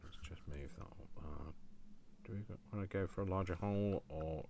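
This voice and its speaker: A man hosting a crafting video, chatting to himself as he works, with jokey asides and a deep voice. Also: moderate pace, darkish tone, a little hiss or hum. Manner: chatty self-talk, addresses himself by name, jokey asides. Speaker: crafting channel host. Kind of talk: thinking aloud while crafting.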